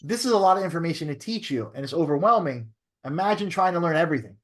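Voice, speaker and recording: A man's voice: a little high, animated, quick pace. A man who is a real estate broker teaching a training class in a coaching way, often checking in with "right?".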